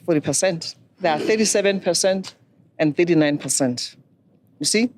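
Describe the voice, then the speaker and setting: A middle-aged woman, a banking expert giving measured, instructive advice. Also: lowish voice, darkish tone, slight background noise. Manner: measured, instructive, poses questions to listeners. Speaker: banking and microfinance expert guest. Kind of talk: explanatory advice talk.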